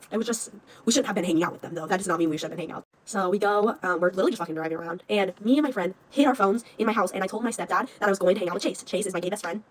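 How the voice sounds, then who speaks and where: Animated young woman swearing through a story. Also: medium pitch, a little hiss or hum. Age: young adult. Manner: animated, swears a lot, acts out shouts. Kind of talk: casual story time.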